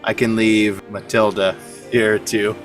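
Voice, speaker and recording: A man's voice: fairly low pitch, flat delivery, takes it slowly, faint music behind. A man playing a tabletop game, easygoing and settling disputes. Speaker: player. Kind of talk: tabletop role-play chat.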